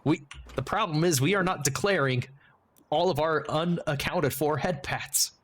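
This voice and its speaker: A man's voice: a little high, moderate pace, a bit bright. A man streaming a game and chatting casually, rambling and joking as he interrupts himself. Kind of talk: casual livestream chat while gaming.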